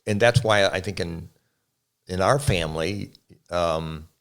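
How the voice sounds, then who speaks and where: An older man with a very deep voice and a gravelly edge talks in an earnest, unhurried way. He reminisces about his childhood and fatherhood in a casual chat with his son. His voice is rough with fry at the bottom of his range. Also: fairly bright tone. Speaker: pastor and guest. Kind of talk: casual family conversation.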